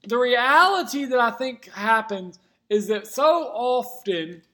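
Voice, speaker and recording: Man, very high voice, pastor, sermon, conversational scripture retelling. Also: animated, slow pace, bright, forceful tone.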